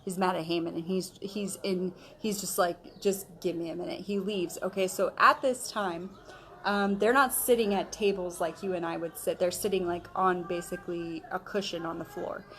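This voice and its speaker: A woman's voice: lowish voice, fairly even intonation, moderate pace, a bit bright, a little hiss or hum. Casual female Bible study teacher, conversational storyteller, slangy, filler-heavy. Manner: conversational storytelling, retelling scripture in modern slang; chatty, with frequent fillers like okay and um.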